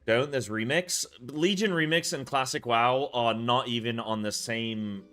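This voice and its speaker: With soft music playing behind him, a man streams a game, breathless and chatting casually with his viewers. He gets excited and exclaims at what happens on screen while talking to chat, his mid-range voice unhurried.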